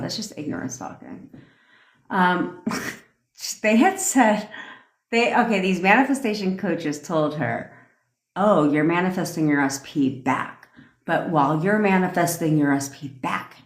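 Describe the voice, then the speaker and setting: A woman with a low voice rants on her livestream, blunt and full of swearing, tossing off quick laughing asides. The sound has an echoey room around it, like a phone recording in a bare space. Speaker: manifestation coach. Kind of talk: casual livestream rant.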